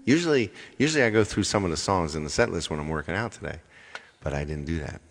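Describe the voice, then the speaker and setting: A man's voice: low voice, animated, fast. A man singer chatting casually with viewers on a live stream, rambling and repeating his phrases.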